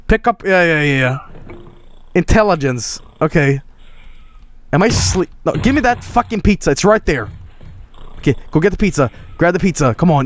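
A young man casually commenting while he plays a video game, excitable and often swearing. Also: fairly high pitch, a little hiss or hum. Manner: excitable, swearing, laughing, reading game lines aloud. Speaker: streamer. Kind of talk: casual let's-play commentary.

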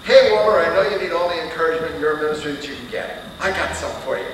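A man's voice: on the high side, very fast, fairly bright tone, natural voice. A man voicing an eager, chatty church pastor in a sermon story. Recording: echoey hall recording from far off, with hiss.

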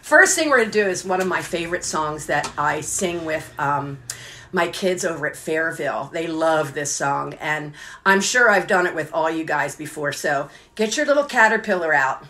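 A woman's voice: deep voice, expressive, normal speed, sharp tone. A woman teaching children's songs on a live stream, cheerful and sing-song, breaking into songs and silly sounds. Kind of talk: singing songs and chants for kids on a live stream.

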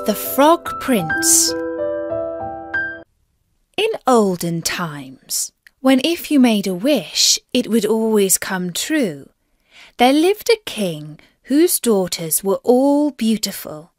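A woman narrating a fairy tale as a slow, clear reading for English learners. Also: mid-range voice, big pitch swings, dry recording, soft background music.

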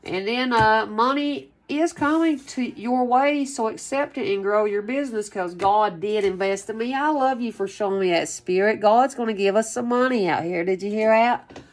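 A woman doing a casual tarot reading, rambling and excitable, repeating phrases and swearing freely. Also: on the high side, normal speed. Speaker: tarot reader.

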